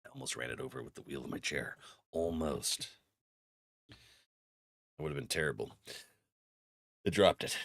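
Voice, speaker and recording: A man's voice: rumbling low, big pitch swings, normal speed, gravelly, pauses often, fairly bright tone, no room sound, studio quality. Laughing streamer man with a cold. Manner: rambling storyteller, laughs often. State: has a cold. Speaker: game streamer. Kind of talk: casual gaming stream chat.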